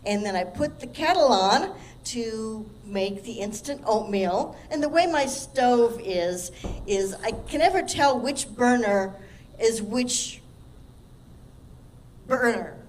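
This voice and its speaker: A woman's voice: on the high side, lively intonation, takes it slowly, slight background noise, poor audio. Wry, rambling woman telling a story. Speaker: workshop participant. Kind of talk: short impromptu speech. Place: meetup room.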